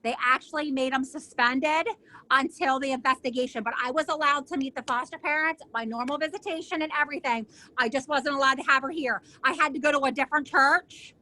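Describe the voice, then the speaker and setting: Indignant high-voiced middle-aged woman. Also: fairly quick. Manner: animated, acts out other people's lines. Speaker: interview guest. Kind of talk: emotional personal storytelling.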